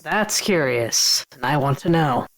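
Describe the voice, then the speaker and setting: A man's voice: on the high side, expressive, measured pace, a bit bright, voice pushed up, low-quality recording. A man voicing a modest, inquisitive young woman wizard. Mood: curious.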